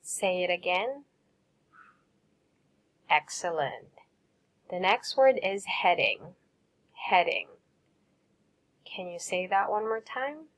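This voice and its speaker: Woman, teacher, low voice, patient, recorded lesson. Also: expressive, slow, long pauses, poor audio. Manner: patient, repeats words for students.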